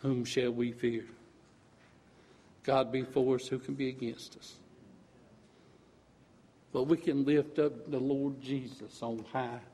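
A man's voice: medium pitch, level tone, slow pace, long pauses, warm tone. An older man giving a fervent preaching testimony in church, rising to emphatic peaks. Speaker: church speaker.

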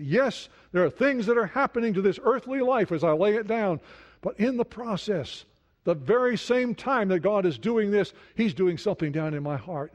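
A man preaching a sermon in an earnest way, dropping to a soft hush when he speaks prayers. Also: sits high. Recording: dull lo-fi sound.

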